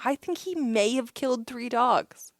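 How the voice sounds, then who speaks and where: A woman co-hosting a podcast from Iowa, telling a story in a lively casual way, acting out what people said and laughing often. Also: on the high side, a little slow, dry recording, clean studio sound. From Iowa, USA. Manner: animated storyteller, acts out quotes, laughs often. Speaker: podcast co-host.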